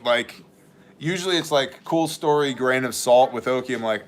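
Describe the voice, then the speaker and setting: A man's voice: mid-range voice, a little fast. A man hosting a casual livestream, reading viewer messages and joking around in a rambling way. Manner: joking, rambling, drifts into mock voices. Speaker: livestream host and ministry leader.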